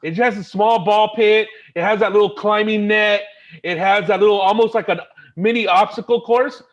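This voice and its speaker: A man's voice: sits high, fairly even intonation, normal speed, lo-fi sound. A man co-hosting a podcast in casual chat, eagerly listing examples. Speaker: podcast co-host.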